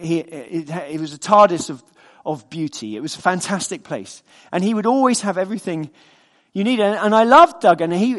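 Preaching a sermon in a fairly high voice, a man speaks earnestly and conversationally. He drifts easily into personal stories.

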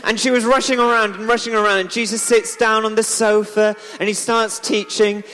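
Playful storyteller for a church children's talk; high voice, big hall reverb. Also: male voice, flat delivery, brisk, bright, forceful tone, clean tone. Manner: chatty, playful, asks the audience questions. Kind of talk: lively storytelling to a congregation. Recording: echoey hall.

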